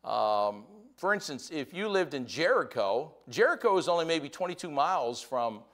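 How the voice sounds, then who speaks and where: An older American man delivers a sermon in a folksy storytelling way. His voice sits a little high for a man and leaps up and down constantly, rising sharply whenever he gets excited. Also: normal speed. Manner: folksy storytelling with lively swings in pitch and volume. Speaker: pastor.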